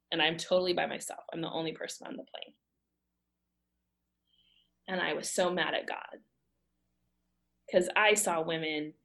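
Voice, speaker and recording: A woman in her thirties from the United States, telling a personal faith story in a lively, emphatic way with frequent laughter. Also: deep voice. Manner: animated, laughing often, emphatic. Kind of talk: casual storytelling.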